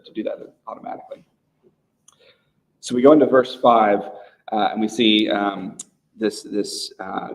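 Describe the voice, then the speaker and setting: A man's voice: on the low side, poor audio. A man leading a small-group Bible study in a casual, conversational way, often checking in with his listeners. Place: church room with a men's group.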